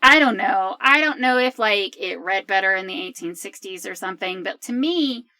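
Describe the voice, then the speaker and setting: A woman co-hosting a podcast, chatting casually and opinionated with quick asides. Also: mid-range voice, lively intonation, bright, forceful tone, dry recording. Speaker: podcast co-host.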